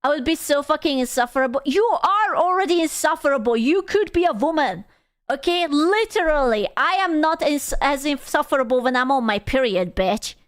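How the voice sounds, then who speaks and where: A woman's voice: high voice, lively intonation, a little fast, no echo, studio quality. A young adult woman streaming live, chatting casually with viewers in crude, teasing banter and bursts of playful squealing.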